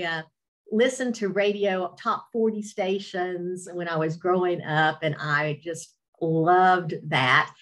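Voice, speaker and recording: A middle-aged woman speaks with a distinct Appalachian Southern accent, her voice sitting a touch low for a woman. She tells her story in a relaxed, self-mocking way and often turns to her faith. It sounds like a webinar call. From Virginia, USA. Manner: warm storytelling, faith-filled, self-deprecating humor. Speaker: radio host, webinar speaker. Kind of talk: personal testimony talk. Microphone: webinar video call.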